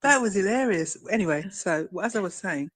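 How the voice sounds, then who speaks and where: A woman's voice: medium pitch, lively intonation, brisk. A woman on a stream panel, chatting in a meandering way. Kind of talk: casual group chat.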